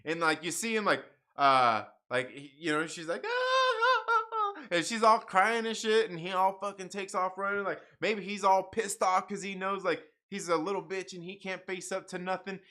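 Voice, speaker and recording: A man hosts a casual livestream, talking in a loose, rambling way full of swearing and laughter. His voice sits high and sounds bright and forward. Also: normal speed, few pauses. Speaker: livestream host reading comics. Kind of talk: casual profane chat.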